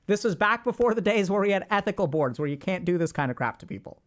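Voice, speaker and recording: A man's voice: high-pitched, fast talker, few pauses. A middle-aged man hosting a livestream, lecturing his chat in a casual, emphatic way and repeating phrases for stress. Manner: informal, talks to chat directly. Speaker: streamer host discussing mental health.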